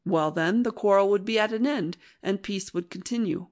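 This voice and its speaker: A young army officer explains things in a steady, even tone, with a gentle teasing edge, as a woman reading an audiobook puts him on. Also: medium pitch, normal speed, lightly acted. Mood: calm. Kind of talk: audiobook narration.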